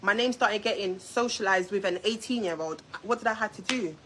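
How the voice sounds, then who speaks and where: A young woman telling a story on a live stream, talking straight to her viewers in a confrontational, animated way. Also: mid-range voice, a little fast, slight background noise, low-quality recording. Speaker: YouTube storyteller. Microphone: phone or webcam on a live stream.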